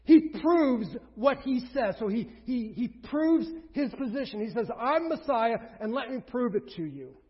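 A pastor preaching a sermon, emphatic, with rhetorical questions, swinging between loud and hushed. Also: male voice, extremely high pitch, lively intonation, measured pace, hardly any pauses, husky. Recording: reverberant hall, dull lo-fi sound.

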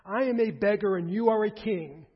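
A man preaching a sermon in an earnest, exhorting manner, addressing his congregation directly. His voice is husky and a little high. The recording sounds dull and lo-fi. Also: normal speed, long reverb tail.

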